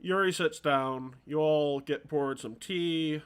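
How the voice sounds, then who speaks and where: A man narrating as game master of a tabletop game, halting with many fillers. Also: on the high side, smooth.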